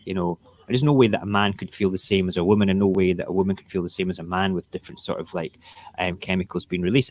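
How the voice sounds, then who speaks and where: A man hosting a casual live morning show, ranting, mocking and joking about the news. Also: sits low. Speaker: radio show host. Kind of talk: casual live-stream commentary.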